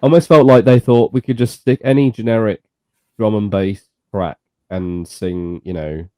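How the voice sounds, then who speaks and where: Low dark-voiced man in casual chat. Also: steady tone, normal speed. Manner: opinionated, swears, trails off and restarts. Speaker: podcast co-host. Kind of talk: casual chat reviewing music.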